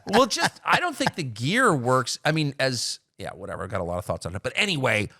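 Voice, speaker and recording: A man's voice: mid-range voice, big pitch swings, fairly quick, pushed and bright, dry recording, studio quality. A middle-aged man, a podcast guest, talking bluntly and opinionatedly in casual chat with frequent restarts.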